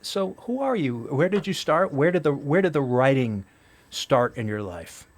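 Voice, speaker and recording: A man's voice: mid-range voice, lively intonation, normal speed, background noise. Rambling man hosting an interview. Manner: rambling, restarts and asks questions. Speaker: podcast host. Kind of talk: casual interview chat.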